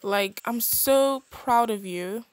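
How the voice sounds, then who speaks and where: A young woman casually narrating a life-sim game, chatty and expressive with quick reactions. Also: a little high, no room sound. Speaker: gaming channel host.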